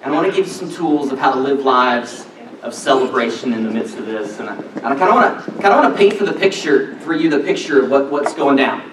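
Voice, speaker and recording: A man preaching a sermon in a church, excitable and animated, often breaking off mid-sentence. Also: medium pitch, fast talker, background noise. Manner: excitable, animated, self-interrupting. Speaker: pastor. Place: church sanctuary. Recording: echoey church hall, distant mic.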